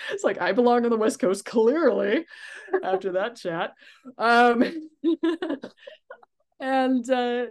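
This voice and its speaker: A woman's voice: fairly high pitch, animated, takes it slowly, pauses often. A woman talking as a guest in a casual conversation, chatty, with frequent restarts and laughs. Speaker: interview guest, therapist.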